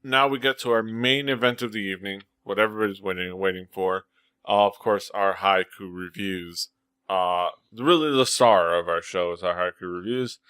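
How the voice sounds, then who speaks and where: A man hosting a podcast in casual chat, rambling with lots of fillers and quick to laugh. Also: sits low, a bit bright, smooth, no room sound. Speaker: podcast host.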